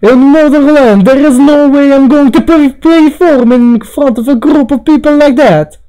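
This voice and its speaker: A man's voice: very high-pitched, moderate pace, mellow, pitched above the performer's own voice, low-quality recording. A man voicing a stubborn, feisty teenage girl with an exaggerated put-on Russian accent while reading a game aloud. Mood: indignant.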